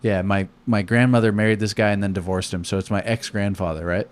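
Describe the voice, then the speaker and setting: A young man, a comedian co-hosting a podcast, telling profane stories in casual chat and acting out quotes loudly. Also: on the low side, steady tone, fairly quick.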